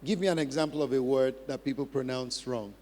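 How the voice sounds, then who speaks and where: A man's voice: mid-range voice, steady tone, brisk, a little mellow. A man preaching a sermon as pastor, emphatic, repeating key phrases and acting out practice drills. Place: large church hall. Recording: long hall reverb.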